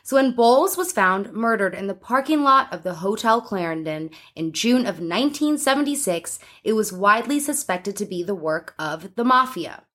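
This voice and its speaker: A woman's voice: mid-range voice, lively intonation, moderate pace, few pauses, fairly bright tone. A woman hosting a casual true-crime podcast, telling a story and laughing often. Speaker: podcast host.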